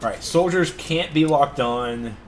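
A young man giving casual, excitable gameplay commentary, swearing often and laughing at himself. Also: mid-range voice, a little slow. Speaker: gaming channel host.

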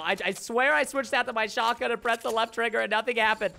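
A man's voice: very high voice, fairly quick, vocal fry, pushed and bright. A young man giving chatty, mock-grumbling commentary while playing a video game. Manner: chatty, mock-grumbling, joking asides to viewers. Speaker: gaming YouTuber. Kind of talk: casual gameplay commentary.

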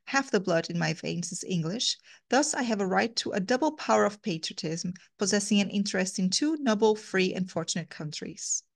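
A woman's voice: medium pitch, fairly quick, gravelly, hardly any pauses. A woman reading as a spirited young patriot. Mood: proud. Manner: earnest, indignant rebuttals.

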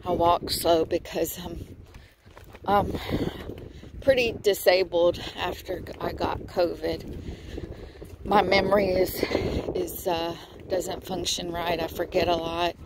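Breathless woman on a slow, windy pier. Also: on the low side, level tone. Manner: folksy and chatty, talks to viewers as y'all. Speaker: vlogger. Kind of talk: casual phone vlog with Bible reading. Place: outdoors on a pier by the water. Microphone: handheld phone. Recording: windy outdoor phone recording. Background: wind and outdoor noise.

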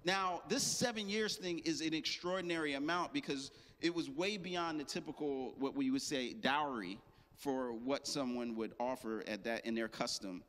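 A man's voice: medium pitch, normal speed, a bit bright. A man preaching a sermon as pastor, casual and joking with slang asides. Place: church. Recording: long hall reverb.

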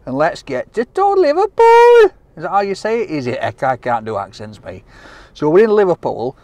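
A man hosting a casual food vlog, chatting excitably while walking outdoors through city streets. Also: medium pitch, brisk, dry recording. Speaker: food vlogger host.

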